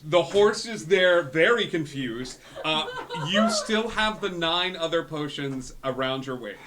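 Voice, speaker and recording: A man's voice: a little high, animated, measured pace, crowd noise. Laughing man running a tabletop game. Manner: loose, laughing delivery. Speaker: game master. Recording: other players chattering behind.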